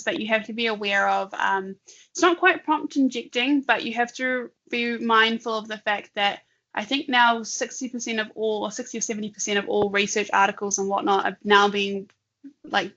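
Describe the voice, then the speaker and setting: A woman with a bright, forceful voice co-hosts a casual online session, talking her way through a live software demo and laughing often. Her audio comes through a slightly dull, lo-fi video call line. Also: mid-range voice. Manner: chatty, laughs often, thinks aloud. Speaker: webinar co-host.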